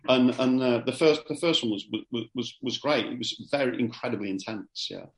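Brief: middle-aged male comic, lively chat with restarts, roomy echo. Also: mid-range voice, a little fast. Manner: animated, repeats words when starting sentences. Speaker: comedian guest. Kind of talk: casual interview chat.

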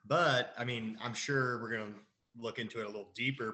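A man's voice: medium pitch, fairly even intonation, a little fast, sharp tone. A man co-hosting a podcast in casual chat, laughing as he quotes lines. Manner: laughs while quoting lines. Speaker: podcast co-host.

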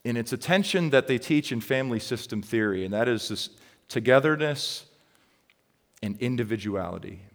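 A pastor preaching a sermon in a conversational, storytelling way, getting loud and animated as he acts out a story. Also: medium pitch, moderate pace, gravelly, big-room sound. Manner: conversational storytelling, grows loud and excited when reenacting.

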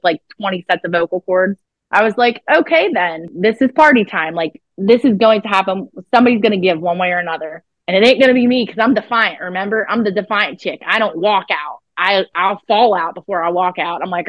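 A woman's voice: medium pitch, expressive, a little fast, dry recording, lo-fi sound. A woman telling a story as a psychic guest on an interview podcast, blunt and profane, acting out what people said. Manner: blunt, profane, acts out quoted dialogue.

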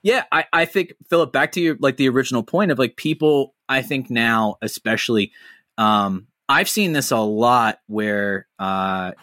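A man's voice: mid-range voice, moderate pace, a bit bright, no room sound, studio quality. Swearing, rambling male podcast host. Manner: rambling, swears freely, jumps into funny impressions. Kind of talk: casual chat.

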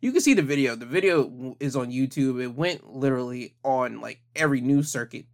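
A man's voice: medium pitch, animated, fairly quick. A man giving casual commentary on the news, talking conversationally with frequent fillers.

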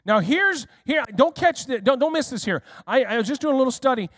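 A male pastor delivers a sermon in a high voice with sweeping swings of pitch. He keeps checking in with the congregation and asking them questions. The sound is dry and close, with little room echo. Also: expressive, brisk, a bit bright. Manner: speaks directly to listeners in the room.

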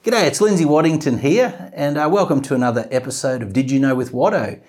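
A man's voice: medium pitch, brisk, a little mellow, husky. Brief: Aussie male host, friendly and matey, faint music behind. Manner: friendly, matey, chatty questions. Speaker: podcast host. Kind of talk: casual interview hosting.

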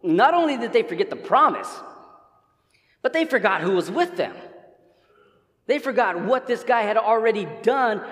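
A man with a fairly high voice preaches to his congregation in a relaxed, chatty way, stumbling over his own words and starting again as he goes. The sound carries a long church reverb. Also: moderate pace, long pauses. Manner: casual, conversational preaching with many restarts. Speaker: pastor. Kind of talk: sermon. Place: church sanctuary.

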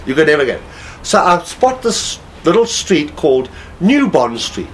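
A man's voice: on the high side, moderate pace, a little hiss or hum, rough recording. A man casually telling a long anecdote as a guest, laughing often as he talks. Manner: animated storyteller, laughs while talking.

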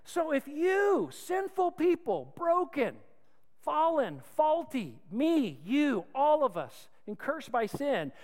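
A male pastor preaching a sermon, calling on the crowd to repeat lines back, swinging between loud and hushed. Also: very high-pitched, very animated, slow pace. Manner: call-and-response preaching, asks crowd to repeat. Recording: long hall reverb.

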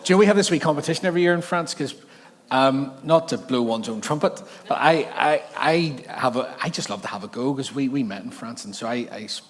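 A man's voice: mid-range voice, animated, fairly quick, big-room sound. A middle-aged man with a Northern Irish accent preaching a sermon in a chatty, joking way, laughing often. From Northern Ireland. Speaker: pastor. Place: large church hall.

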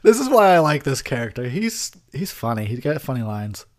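A man's voice: medium pitch, very animated, a little fast. A tipsy man hosting a drunken movie commentary, rambling and crude. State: tipsy, buzzed. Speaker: host.

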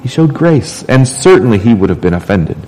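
Man, pastor preaching, mid-pitched voice, conversational, frequent restarts. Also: big pitch swings, fairly quick, warm tone, rough recording. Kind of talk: sermon.

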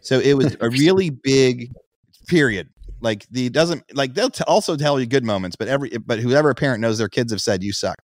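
A man's voice: medium pitch, animated, brisk, no room sound, clean studio sound. A man co-hosting a podcast, chatting casually and telling a rambling story, acting out other people's voices in it. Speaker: podcast co-host.

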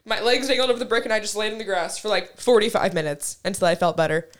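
Young adult woman, quick and chatty, swears a lot, laughs through her stories. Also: medium pitch, steady tone. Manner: chatty storyteller, swears freely, laughs often. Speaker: podcast co-host. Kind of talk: casual chat. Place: lived in a place with basements, now in Texas.

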